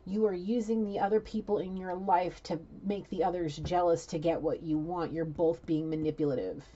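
Mellow, blunt woman giving a casual reading. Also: fairly low pitch, steady tone, moderate pace, muffled recording. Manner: rambling, blunt, chatty, swears. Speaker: psychic tarot reader.

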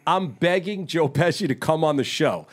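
A man with a fairly high voice co-hosts a laid-back podcast. He tells his stories in bursts, breaking into laughter, eager to get the tale out. The talk is loose, casual chat. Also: moderate pace. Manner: laughing, excitable storyteller. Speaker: podcast co-host.

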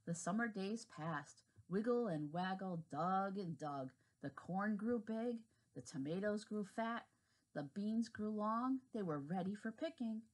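A woman preschool teacher reading a children's storybook aloud with an expressive, animated delivery. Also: mid-range voice, unhurried.

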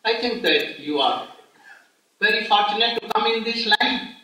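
An older man giving a slow devotional lecture, telling a sacred story with many exclamations. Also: high voice, expressive, pushed and bright. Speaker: spiritual teacher. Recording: echoey hall from far off.

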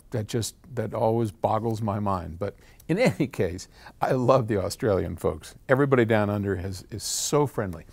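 Speaking at medium pitch with a slightly mellow tone, this older audio company founder fields a viewer's question in casual chat. He's talkative, drifts into tangents, and laughs at himself along the way.

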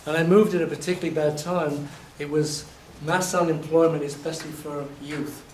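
Man, university lecturer, lively storyteller, slightly hoarse, echoey room. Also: on the high side, normal speed. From England. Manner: lively storytelling, acting out examples. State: voice a little hoarse. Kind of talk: classroom lecture. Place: lecture hall. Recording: echoey hall, distant mic, faint noise.

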